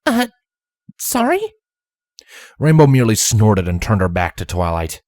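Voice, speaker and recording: A man reading a story aloud in an expressive storybook narration style. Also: deep voice, brisk, dry recording, studio quality. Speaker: fanfiction reader.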